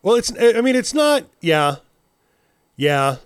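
A man's voice: high voice, big pitch swings, takes it slowly, smooth, dry recording, studio quality. A man in his forties, co-hosting a podcast in casual chat, rambling and cursing as he tells stories with laughs. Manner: rambling, profane, laughing storyteller. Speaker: podcast co-host.

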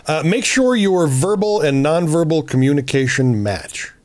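A man co-hosts a relationship podcast, giving casual advice bluntly and profanely while animatedly acting out lines he quotes from himself. His voice is a little high, his pace moderate, and there's no room sound.

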